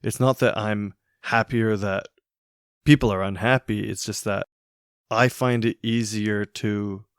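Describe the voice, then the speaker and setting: Slow, low-voiced man musing alone. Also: steady tone, clear, resonant tone, no room sound, clean studio sound. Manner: musing, hesitant, with fillers and restarts. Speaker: podcast host. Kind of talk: reflective solo podcast monologue.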